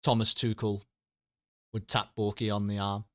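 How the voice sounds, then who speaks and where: A man's voice: fairly low pitch, level tone, moderate pace, fairly bright tone, no echo, studio quality. A man chatting casually with his stream audience, rambling, joking and swearing freely.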